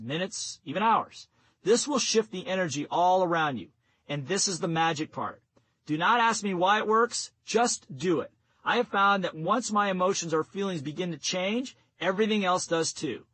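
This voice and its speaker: A man narrating a nonfiction audiobook in a steady, instructive reading voice. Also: sits high, no echo, poor audio. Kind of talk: scripted narration.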